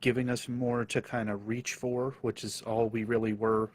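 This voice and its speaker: A man guesting on a casual gaming podcast, speaking in a measured, hesitant way with frequent pauses. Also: medium pitch, flat delivery, slight background noise.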